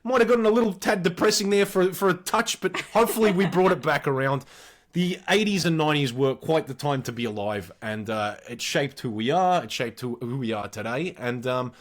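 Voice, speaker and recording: A man's voice: a little high, fairly quick. A man in his forties with an Australian accent, co-hosting a podcast and telling stories animatedly with plenty of swearing. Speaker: podcast co-host. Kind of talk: casual storytelling chat.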